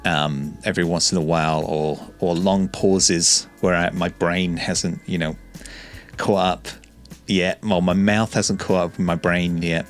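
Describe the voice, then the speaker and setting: Shy YouTuber, male, low pitch, monotone and mellow, frequent stutters. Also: unhurried, soft background music. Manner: calm, relaxed, soft-spoken; stutters and restarts often. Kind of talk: reflective talking-to-camera vlog.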